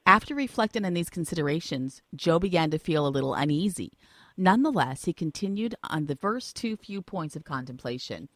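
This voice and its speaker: A woman's voice: deep voice, animated, brisk, no echo, clean studio sound. A woman narrating a devotional story and turning to the listener with questions. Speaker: reader.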